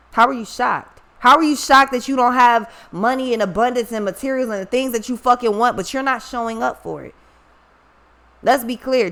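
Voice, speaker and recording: A woman with a medium-pitched, slightly bright voice speaks straight to viewers as a tarot reader. Her casual monologue is blunt, profane, and scolding, with a personal story mixed in.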